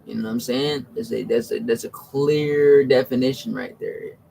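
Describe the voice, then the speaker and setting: A man's voice: moderate pace, creaky, slight background noise. A man talking casually about religion, slangy and restless, repeating "you know what I'm saying" and restarting his sentences. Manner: animated, swings from low mutters to high exclamations. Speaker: religious commentator. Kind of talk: casual spoken monologue.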